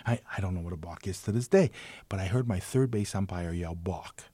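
A man's voice: low-pitched, brisk, mellow, breathy edge, no echo. An older man, a retired umpire, telling baseball stories in an interview, acting out the people he quotes with big jumps in his voice and a self-mocking humor. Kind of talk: anecdotal storytelling in an interview.

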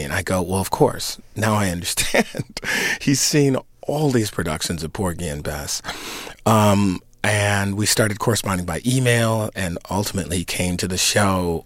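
Low-voiced man in his fifties, reflective. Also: fairly bright tone, dry recording. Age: 50s. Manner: reflective, conversational, many fillers and restarts. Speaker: actor and singer in an opera production. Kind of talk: interview answers.

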